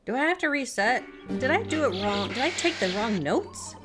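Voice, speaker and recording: A woman's voice: fairly high pitch, sing-song, normal speed, loud music behind the voice. A woman casually commenting while she plays a mystery game, chatty and self-mocking, often breaking into giggles. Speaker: game streamer. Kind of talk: casual let's-play commentary.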